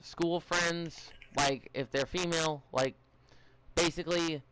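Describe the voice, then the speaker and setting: A man's voice: a little high, steady tone, takes it slowly, background noise. A young man hosting a casual podcast, rambling and giving advice with many fillers, restarts and stutters. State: a bit out of it, stuttering.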